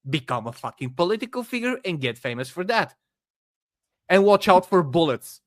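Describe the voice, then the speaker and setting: Opinionated podcast guest, dry mic. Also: male voice, high voice, sing-song, normal speed, no echo. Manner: opinionated, forceful, with hesitations. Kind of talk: casual online debate chat.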